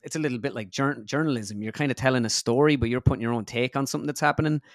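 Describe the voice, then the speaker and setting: A man with a flat Irish midlands accent, chatting easily as an interview guest and a comedian, rambling and correcting himself. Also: medium pitch, rapid-fire, no room sound, clean studio sound. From middle of Ireland. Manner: rambling, self-correcting, easygoing. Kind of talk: casual interview chat.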